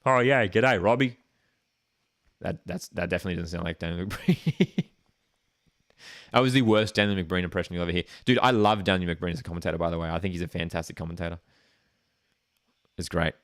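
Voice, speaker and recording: A man hosting a live football watchalong stream, commentating and chatting, excitable at big moments. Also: fast talker, long pauses, dry recording, studio quality. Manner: chatty, excitable, jumps up in pitch at key moments.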